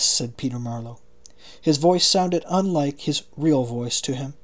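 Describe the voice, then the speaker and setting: A man narrating an audiobook in a steady, measured way. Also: medium pitch. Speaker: audiobook reader.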